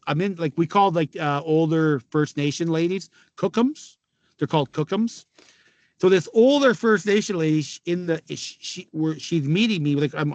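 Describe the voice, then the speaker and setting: A man's voice: on the high side, dry recording. A middle-aged man from Canada, a podcast guest telling a long story in a casual way, swearing freely and acting out what people said. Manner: animated, profane, quotes people in dialogue.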